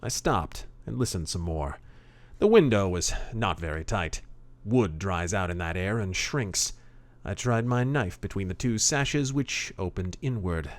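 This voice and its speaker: A man narrating a hard-boiled pulp story in the first person, gruff and deadpan. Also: low-pitched, a little slow. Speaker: audiobook narrator.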